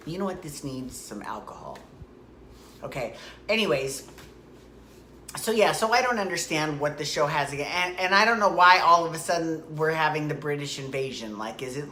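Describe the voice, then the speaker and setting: A woman's voice: deep voice, pushed and bright, roomy sound, a little hiss or hum. A woman recapping a soap opera in a chatty, rambling way, tossing out rhetorical questions and side comments. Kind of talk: casual rambling recap monologue.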